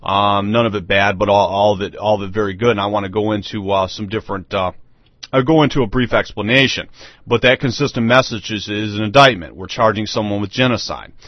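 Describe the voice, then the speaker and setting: Low-voiced man ranting on talk radio. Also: fairly quick, no echo. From United States. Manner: rambling, emphatic, repeats himself. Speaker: online radio show host. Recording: dull lo-fi dry audio.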